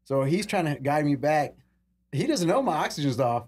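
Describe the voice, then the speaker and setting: A man's voice: on the high side, sing-song, moderate pace, a little mellow, breathy edge, dry recording. A man in his forties, a podcast guest, telling firefighting stories in a casual way, acting out other people's lines and swearing freely. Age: 40s. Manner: acts out quoted voices, casual swearing.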